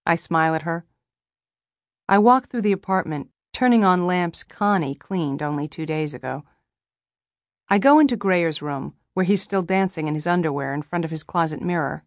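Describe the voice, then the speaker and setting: A young woman narrating a first-person audiobook with a wry, even storytelling manner, close to the mic. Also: sits low, normal speed, dry recording.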